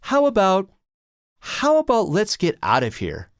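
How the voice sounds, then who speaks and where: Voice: measured pace, no room sound, clean studio sound. A narrator voicing Timothy, a frightened, sarcastic boy, in a storybook reading with piano. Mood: nervous. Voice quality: high, excited and shrill.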